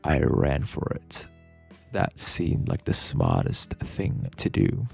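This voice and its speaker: A man narrating a story in a soft ASMR whisper, a whispered role-play. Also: extremely low pitch, wildly swooping pitch, slow, vocal fry, soft background music. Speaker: ASMR streamer.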